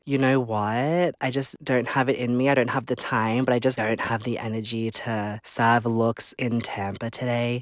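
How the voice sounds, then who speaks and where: A man's voice: medium pitch, no room sound. Chatty young man, dry close sound. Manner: chatty, rambling, lots of filler words. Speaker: vlogger. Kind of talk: casual storytelling vlog. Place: small cramped bunk room.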